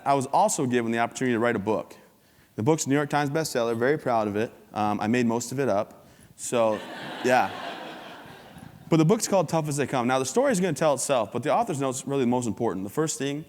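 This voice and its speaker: A man in his thirties giving an upbeat, joking motivational talk from a stage, acting out little scenes and voices. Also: medium pitch. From United States. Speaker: keynote speaker. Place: conference hall stage before an audience. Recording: long hall reverb.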